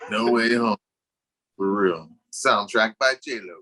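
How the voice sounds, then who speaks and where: Low-voiced laid-back podcast co-host. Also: male voice, a little slow, pushed and bright. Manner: laid-back, slangy, swears. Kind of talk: casual podcast chat.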